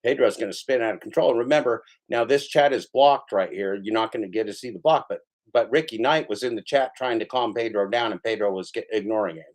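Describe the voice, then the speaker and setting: A man's voice: on the low side, quick pace, hardly any pauses. A man giving mocking, sarcastic play-by-play commentary over another person's stream.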